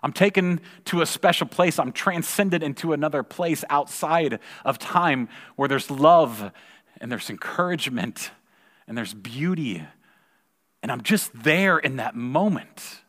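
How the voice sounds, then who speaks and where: A man in his forties giving a sermon, telling a personal story in a conversational way and repeating words when excited. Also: on the high side, unhurried. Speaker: pastor. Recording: long reverb of a large hall.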